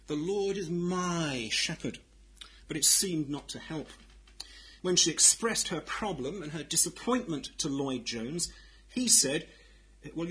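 A man delivers a sermon in a high, bright voice with a husky edge. He phrases each line deliberately and with emphasis, then swings from near-whispered passages up to ringing declarations. The tone stays bright even at its quietest. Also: poor audio. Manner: dramatic swings from loud declaration to hushed tones. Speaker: preacher.

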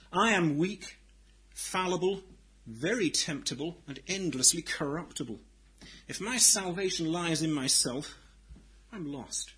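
A man preaching a sermon in a deliberate, emphatic way, swinging from loud declarations to hushed, quiet lines. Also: fairly high pitch, husky, rough recording.

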